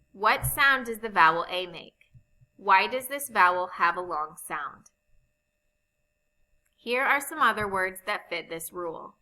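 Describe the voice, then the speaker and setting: A woman teaching a recorded phonics lesson, explaining spelling rules slowly and patiently. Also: medium pitch, bright, forceful tone, rough recording. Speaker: reading teacher.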